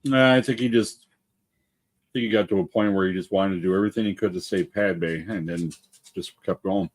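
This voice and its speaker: A man's voice: low-pitched, fairly even intonation, moderate pace. A man co-hosting a casual veterans' talk show, telling profane barracks stories and doing the voices in them. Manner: profane, anecdotal, acts out quoted voices. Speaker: co-host. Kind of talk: casual bar chat.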